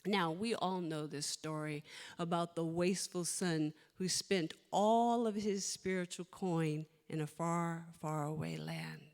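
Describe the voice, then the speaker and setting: Female minister, slow heartfelt sermon, lowish voice, reverberant sanctuary. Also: clean tone. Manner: slow, emotional, storytelling delivery with soft whispered asides. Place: church sanctuary. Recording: long hall reverb.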